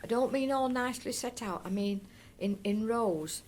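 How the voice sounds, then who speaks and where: Her voice is fairly high-pitched with a darkish tone, delivered at normal speed, and there's slight background noise. She's an older North East Derbyshire woman recounting the past for an oral history project, chatty and rambling, with frequent restarts and fond asides.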